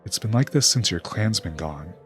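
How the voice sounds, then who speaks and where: A man's voice: lowish voice, lively intonation, moderate pace, faint music behind, natural voice. A man reading out a sly, scheming male raven king from a game's dialogue.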